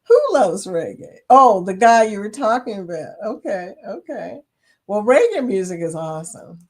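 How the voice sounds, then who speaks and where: A woman's voice: medium pitch, sing-song, normal speed, darkish tone. A woman from Chicago hosting a casual live chat, reading viewers' comments aloud and laughing often. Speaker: livestream host reading chat.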